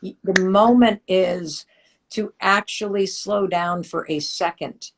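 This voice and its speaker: A woman's voice: mid-range voice, steady tone, slow pace, vocal fry, noisy background. A woman hosting a live motivational chat, talking in an emphatic, coaching way. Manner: emphatic, coaching, quotes listeners' doubts. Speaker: host. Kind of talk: motivational talk.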